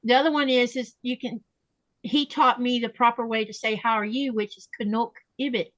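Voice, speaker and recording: A chatty woman hosts a relaxed podcast conversation, her voice sitting a little high. She slows down to spell out pronunciations and repeats words carefully. The sound is close and dry, with no room echo. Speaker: podcast host. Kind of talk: casual chat.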